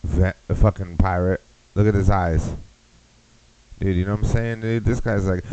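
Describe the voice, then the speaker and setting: A man's voice: deep voice, fairly even intonation, moderate pace, long pauses, dark tone, clean tone, dry recording, poor audio. A man hosting a podcast, ranting crudely and loosely as comedy. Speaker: podcast host. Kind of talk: comedic rant.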